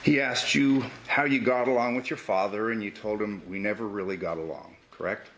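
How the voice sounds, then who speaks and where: A man cross-examining a witness in a courtroom, his voice sitting slightly low. He presses steadily, pinning down every answer with a clipped follow-up question. A faint hiss runs under the recording. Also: fairly quick. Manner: pressing, repeats "correct?" to pin down answers. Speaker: defense attorney.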